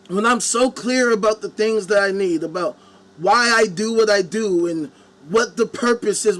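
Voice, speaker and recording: High-voiced man in a profane angry rant. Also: fairly bright tone. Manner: angry, heavy swearing, mocking quoted voices. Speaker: live-stream commentary host. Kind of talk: profane ranting monologue. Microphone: webcam.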